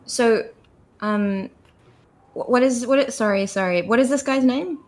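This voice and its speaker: A woman with a fairly high voice chats as a tabletop player. She hesitates and restarts her sentences often as she works out what to say. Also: unhurried. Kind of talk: tabletop game chat.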